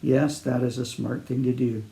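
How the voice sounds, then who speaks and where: A man doing a soft-spoken grandfather soothing a child, steady and reassuring. His voice is gravelly and mellow. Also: medium pitch, moderate pace, echoey room, close to an everyday voice. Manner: calm, reassuring.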